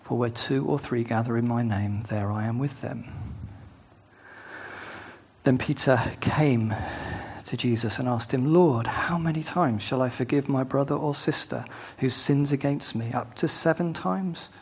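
A man's voice: mid-range voice, measured pace, husky. A man preaching a sermon, first reading scripture aloud, then talking it through conversationally with asides and tag questions.

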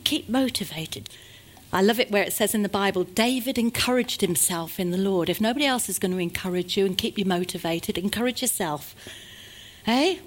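A woman preaching a sermon to a congregation, swinging between loud exhortation and hushed asides. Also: mid-range voice, a little fast.

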